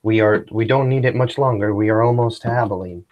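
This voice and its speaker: A man's voice: fairly low pitch, brisk, muffled recording, lightly acted. A man voicing a polite, anxious father who speaks formal, nervous broken English. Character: polite, anxious foreign wagon-driver father.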